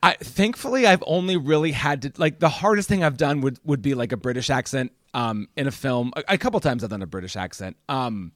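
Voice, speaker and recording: A young man, a podcast guest, chatting casually about film, animated and swearing freely. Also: mid-range voice, a little fast, hardly any pauses, no room sound, clean studio sound.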